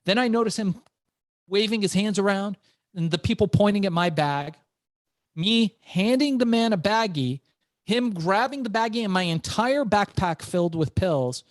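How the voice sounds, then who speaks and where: A middle-aged man, an entrepreneur guest, telling his story in an animated interview and repeating words as he goes. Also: sits high, normal speed, no echo.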